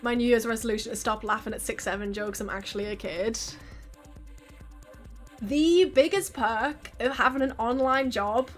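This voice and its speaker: A woman's voice: a little high, moderate pace, soft background music. A woman in her early twenties chatting casually on a live stream, telling stories with frequent laughs and swearing.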